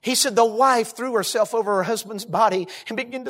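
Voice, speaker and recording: A man preaching a sermon, telling a story dramatically and dropping to hushed tones, addressing the congregation directly. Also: sits high, a little fast, hardly any pauses.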